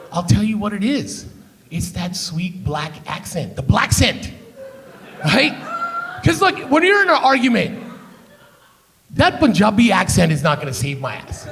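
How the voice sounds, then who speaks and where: Brash profane comedian, gravelly and high. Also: male voice, sing-song, moderate pace, a bit bright. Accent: Canadian English. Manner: brash, profane, crowd-teasing. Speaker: stand-up comedian. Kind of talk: live stand-up comedy. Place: live theater stage with audience.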